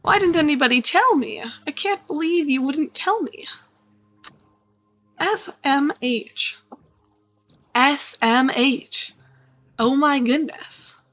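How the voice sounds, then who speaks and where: Slow-talking sarcastic woman streamer. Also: high-pitched, a bit bright. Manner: sarcastic, mock-bored asides to chat. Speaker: live streamer. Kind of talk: casual livestream chat while gaming.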